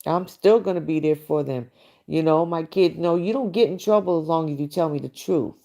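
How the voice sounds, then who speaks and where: A woman's voice: sits low, fairly quick, creaky, mellow. A middle-aged woman hosting a late-night livestream, chatting bluntly and casually with viewers and reacting to their comments. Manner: blunt, chatty, frequent "you know". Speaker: livestream host.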